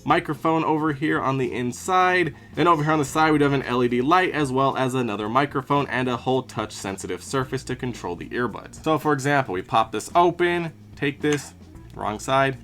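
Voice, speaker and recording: A man in a relaxed, chatty product review, narrating what he does as he goes. His voice sits at an ordinary middle pitch, and his talk is easygoing and conversational. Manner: chatty, talks through each step as he handles the product. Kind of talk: casual unboxing and review.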